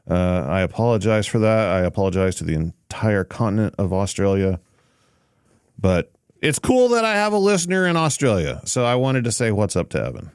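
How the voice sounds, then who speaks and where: A man's voice: lowish voice, very animated, moderate pace, smooth, no echo, clean studio sound. A man hosting a casual podcast, easygoing and thinking aloud with frequent fillers and restarts. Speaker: podcast host.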